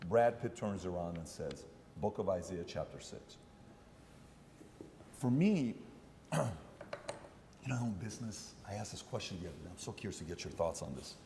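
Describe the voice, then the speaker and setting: A man's voice: sits low, animated, normal speed, pauses often, warm tone, in a large hall, slight background noise. A man interviewing a guest in a conversational way, telling stories and acting out quoted dialogue. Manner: storytelling, acts out quoted dialogue.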